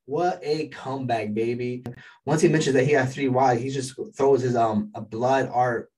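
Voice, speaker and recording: Excitable rambling man, mic a bit distant. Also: medium pitch, normal speed. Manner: excitable, rambling, heavy on fillers. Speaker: anime episode reviewer. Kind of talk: casual episode recap.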